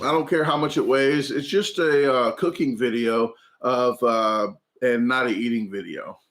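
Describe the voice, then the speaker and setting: A man in his forties hosting a casual livestream, talking haltingly with many ums and restarts as he chats and answers viewer comments. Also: medium pitch, pushed and bright. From United States. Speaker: food channel livestream host.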